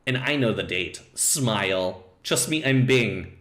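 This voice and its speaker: A man's voice: lively intonation, measured pace, a bit bright, roomy sound. A man reading aloud as a stubborn AI chatbot that insists it is right, in a stiff, insistent way. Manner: reads stiff, insistent replies, dropping low on sign-offs.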